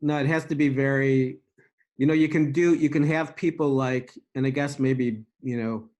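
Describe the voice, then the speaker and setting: An agreeable man co-hosts a casual podcast chat and often pauses to hunt for the right words. His voice has an average pitch for a man. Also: steady tone, darkish tone. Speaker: podcast co-host.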